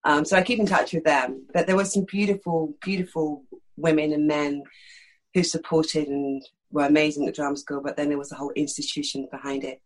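A middle-aged actress from East London with a slight lisp, telling frank, animated stories in a candid interview. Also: female voice, deep voice, brisk, low-quality recording. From East London, England. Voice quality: slight lisp that sometimes creeps in. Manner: frank, animated storytelling with many fillers.

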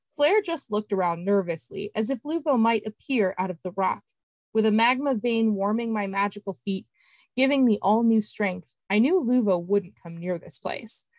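A woman podcast host reading an excerpt of her fantasy novel in steady, clear storytelling. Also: medium pitch, normal speed, dry recording.

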